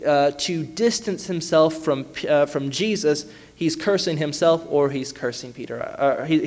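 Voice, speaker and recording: A man delivers a conversational sermon, frequently pausing with fillers and starting his sentences over. His voice sits on the high side and sounds a little mellow.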